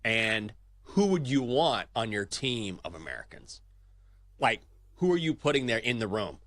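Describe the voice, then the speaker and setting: A man's voice: mid-range voice, big pitch swings, unhurried, a bit bright, no room sound. A man hosting a sports betting talk show, swinging between hype and dry asides as he reads scores and odds.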